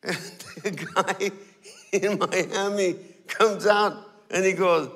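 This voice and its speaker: A man preaching a sermon as a guest pastor, telling stories and acting out small scenes, sometimes dropping to a hushed, pleading tone. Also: high-pitched, fairly even intonation, takes it slowly, big-room sound. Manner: storytelling, acting out little scenes. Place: church sanctuary.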